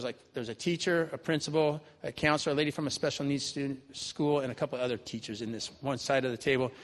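Fast-talking man telling a story. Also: medium pitch, fairly bright tone. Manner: conversational, keeps adding "right?". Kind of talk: live personal storytelling. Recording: long reverb of a large hall.

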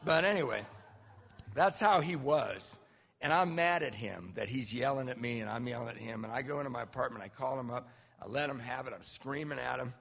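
A man in his fifties from Southern California, speaking at a recovery meeting and telling a personal story in an animated, self-mocking way. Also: mid-range voice, fairly quick, vocal fry, husky. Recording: reverberant hall.

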